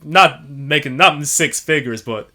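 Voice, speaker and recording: Guy on a podcast, kinda high bright voice, laughs a lot, swears. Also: measured pace. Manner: loose, laughing, swears freely. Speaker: podcast co-host. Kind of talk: casual chat. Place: living in Japan.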